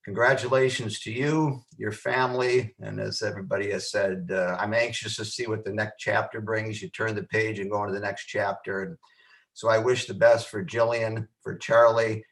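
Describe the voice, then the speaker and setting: Older man, lowish voice, measured congratulatory remarks from a former coach over a video call. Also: fairly even intonation, vocal fry, poor audio. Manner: measured, warm-hearted, halting with fillers.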